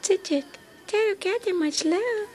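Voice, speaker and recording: A woman vlogger cooing doting baby talk to a reborn doll in a sing-song voice, sometimes slipping into soft whispers. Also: very high-pitched, a little slow, soft background music.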